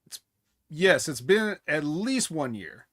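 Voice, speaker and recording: Blunt high-voiced man, dry sound. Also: very animated, slow pace, fairly bright tone, dry recording. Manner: blunt, opinionated, swears freely. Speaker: podcast co-host. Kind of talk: casual wrestling chat.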